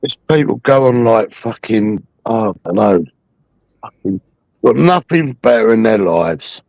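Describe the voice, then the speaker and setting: A man's voice: on the low side, expressive, measured pace, gravelly, darkish tone, dry recording. A man hosting a livestream, taunting a viewer in a mocking, aggressive rant full of swearing. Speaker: livestream host.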